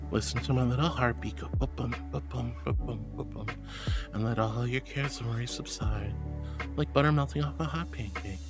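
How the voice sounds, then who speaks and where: A man in a headset voicing a gentle, soothing angel who gives a comforting hug, speaking softly in whispered role-play. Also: medium pitch, over loud music, pitched below the performer's own voice, close to an everyday voice. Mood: tender, soothing. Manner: soft, hushed and slow, murmuring close.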